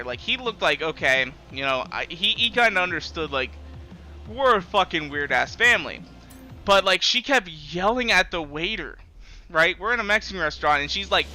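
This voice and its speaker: A man's voice: high voice, bright, forceful tone, clean tone. A young man live-streaming a game, chatting casually in a rambling, profane way and chuckling often.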